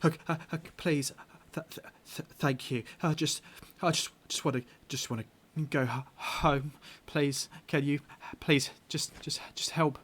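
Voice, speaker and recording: A man's voice: a little high, steady tone, unhurried, few pauses, fairly bright tone. A man voicing a frightened captive young woman who stutters and breaks into sobs as she begs for help. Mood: pleading, stammering. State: crying.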